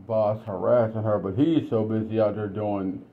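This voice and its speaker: Blunt low-voiced man telling stories. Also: steady tone, normal speed. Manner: blunt, conversational. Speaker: commentator. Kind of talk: casual storytelling monologue. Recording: dull lo-fi recording.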